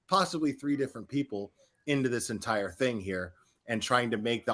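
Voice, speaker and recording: A man's voice: mid-range voice, fairly bright tone. A man hosting a casual livestream, commenting mockingly, laughing often and swearing freely. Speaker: host.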